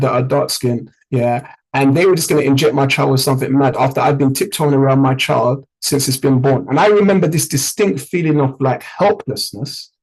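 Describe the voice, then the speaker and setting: A man's voice: fairly high pitch, darkish tone, rough recording. A man with a British accent, a trading mentor giving an emphatic, conversational motivational talk to a group, often checking in with "yeah?". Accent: British English.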